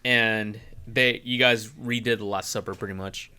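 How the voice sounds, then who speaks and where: Bright-voiced man in casual chat. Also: on the low side, fairly even intonation, normal speed, clean tone. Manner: rambling, laughs often, hums song lines. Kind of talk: casual chat among friends.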